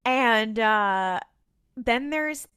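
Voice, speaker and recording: A woman's voice: fairly high pitch, expressive, extremely slow, fairly bright tone, clear, resonant tone. Chatty woman podcast co-host. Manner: rambling, filler-heavy, laughs often. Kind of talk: casual TV recap chat.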